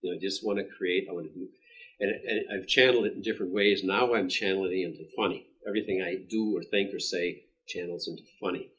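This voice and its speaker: Deep-voiced reflective male comic. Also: fairly even intonation, fast, a bit bright, poor audio. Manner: reflective, repeats words. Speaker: comedian. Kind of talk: documentary interview.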